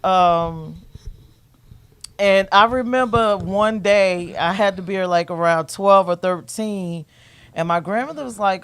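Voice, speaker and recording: A woman's voice: medium pitch, a little slow, clear, resonant tone. A woman, casually telling a family story in a talk show and laughing often. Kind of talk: casual chat.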